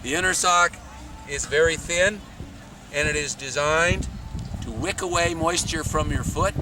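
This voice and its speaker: A man teaching scouts how to dress for backpacking, in a measured, plain, deliberate way, speaking outdoors. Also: fairly high pitch. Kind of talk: outdoor instructional talk. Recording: distant mic outdoors, loud wind and traffic noise.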